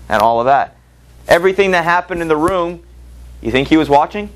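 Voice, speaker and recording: A man's voice: a little high, expressive, fairly quick, rough recording. A male teacher giving a literature lecture, reading passages aloud and asking the class rhetorical questions in a conversational way.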